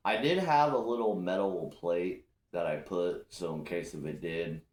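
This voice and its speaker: A man with a low-pitched voice hosts a casual chat at normal speed, telling loose, profane stories with plenty of energy. The room is echoey, with faint noise.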